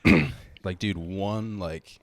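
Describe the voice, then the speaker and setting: Deep-voiced laid-back young man. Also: slow pace, fairly bright tone, slight background noise. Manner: laid-back, mumbly, says "dude" often. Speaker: stand-up comedian guest. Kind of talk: casual comedy podcast chat.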